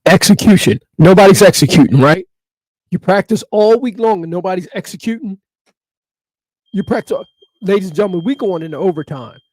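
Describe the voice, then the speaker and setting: A man's voice: high-pitched, fairly quick, a little mellow, no echo, clean studio sound. A man ranting through sports opinion commentary, emphatic and repeating his points over and over.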